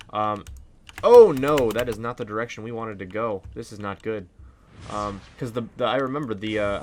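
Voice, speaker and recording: A man's voice: lowish voice, a bit bright, slight background noise. A man giving casual, rambling gameplay commentary with lots of fillers. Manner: rambling, chatty, many fillers. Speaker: let's play host.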